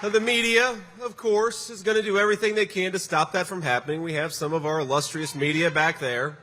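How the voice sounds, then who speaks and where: A man's voice: high voice, fairly even intonation, brisk, a crowd in the background. A man, a political candidate, delivering a campaign rally speech in a large venue, with punchy emphasis and sarcastic jabs. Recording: echoey hall sound with faint background noise.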